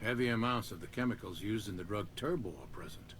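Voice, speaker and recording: A man's voice: lowish voice, fairly bright tone, slight background noise, natural voice. A man voicing a formal game surgeon. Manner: measured, formal.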